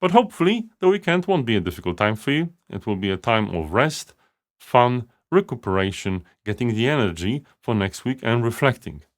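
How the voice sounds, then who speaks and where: A man's voice: mid-range voice, big pitch swings, a little fast. A man hosting a live leadership coaching show, talking casually and rambling with many fillers and restarts. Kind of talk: casual live-stream monologue.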